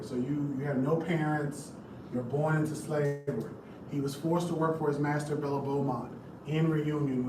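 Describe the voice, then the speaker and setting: Chatty man presenting in an echoey room. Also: fairly high pitch. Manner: chatty, jokey, talks straight to the audience. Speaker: presenter giving a live history talk. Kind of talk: casual live lecture. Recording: echoey room, distant mic, background noise.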